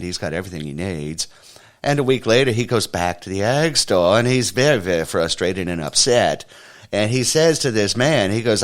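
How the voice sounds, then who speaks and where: Deep-voiced male podcast host. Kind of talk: comedic joke telling.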